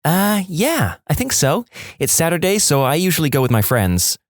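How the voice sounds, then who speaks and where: A man's voice: on the high side, sing-song, dry recording, studio quality, pitched above the performer's own voice. A man doing a shy teen girl. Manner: hesitant, halting. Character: shy teenage girl on the phone.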